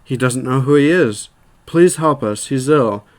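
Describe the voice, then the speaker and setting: A man's voice: medium pitch, animated, a little slow, close to an everyday voice. A man voicing a distressed older village woman who pleads urgently for help. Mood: pleading.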